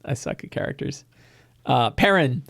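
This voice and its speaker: A man's voice: medium pitch, lively intonation, moderate pace, vocal fry, a bit bright, slightly rough. A man, the host and game master, casually retelling a tabletop session with laughter and frequent restarts. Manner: rambling, laughing, many fillers and restarts.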